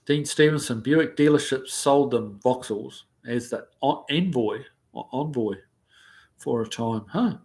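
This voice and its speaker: A man's voice: mid-range voice, a little slow, vocal fry, hardly any pauses, darkish tone. A man with a New Zealand accent hosting a casual livestream, reading viewer comments aloud in a rambling, easygoing way with plenty of ums and uhs. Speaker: livestream host. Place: living in the United States.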